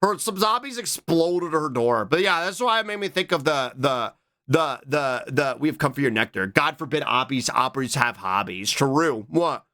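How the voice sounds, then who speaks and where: A man on a live stream, chatting loosely with his viewers. His voice sits a little high and sounds bright and forceful, and his pitch jumps around a lot as he bounces between remarks and quick "what?" replies to chat. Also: expressive.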